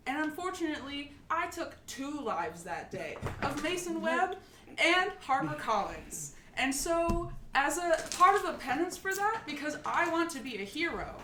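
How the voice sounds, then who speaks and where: A woman's voice: high-pitched, pushed and bright, slight background noise, heavily acted. A woman voicing an upbeat young woman hero who talks like a news reporter, earnest and rambling, in a tabletop role-play. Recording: echoey room, mic at a distance.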